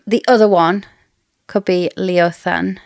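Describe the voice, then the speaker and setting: A woman's voice: fairly low pitch, fairly even intonation, takes it slowly, creaky, no echo, studio quality. A woman co-hosting a casual book discussion podcast, chatty and theorizing with frequent laughs. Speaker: podcast co-host.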